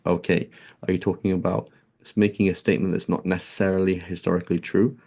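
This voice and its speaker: This Islamic teacher talks fast in a low, level, creaky and mellow voice, working through a conversational religious lesson. He blends Arabic words into his English explanations and keeps checking in with a rhetorical "right?".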